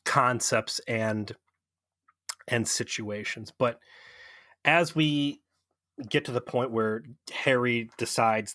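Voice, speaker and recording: Male co-host, casual rambling recap, mid pitch, dry mic. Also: takes it slowly, pauses often, sharp tone, no room sound. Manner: rambling, profane, amused recapping. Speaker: podcast co-host. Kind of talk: casual chat.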